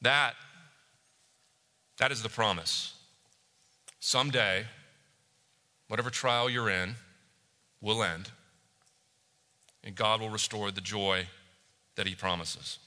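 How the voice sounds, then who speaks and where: A man preaching a sermon as a pastor, telling stories with animation and dropping to a hush for reflective moments. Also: on the low side, takes it slowly, pauses often, long reverb tail.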